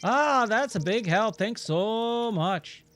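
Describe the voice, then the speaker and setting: A man's voice: high-pitched, animated, slow pace, fairly bright tone, voice pushed up, exaggerated voice. A man voicing a chatty male traveling merchant in a jumbled mix of accents, with friendly sales patter. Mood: cheery. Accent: mixed put-on accent.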